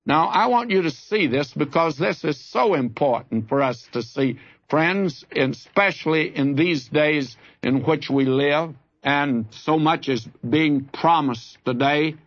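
On a muffled recording with no room sound, a man with a slightly high voice preaches a radio Bible sermon at a measured pace. His personal story comes out folksy and earnest before rising into fervent appeals to the audience.

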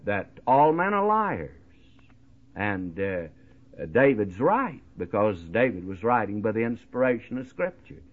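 A middle-aged man preaching a radio sermon in a folksy, conversational way, often pausing with "uh" and "my friend". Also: medium pitch, breathy edge. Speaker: radio Bible teacher. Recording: tinny phone-like radio broadcast.

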